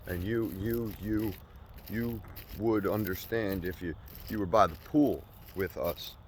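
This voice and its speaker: A man quoting a confused, rambling old man who stammers and trails off, in his own low voice. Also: takes it slowly, a little hiss or hum.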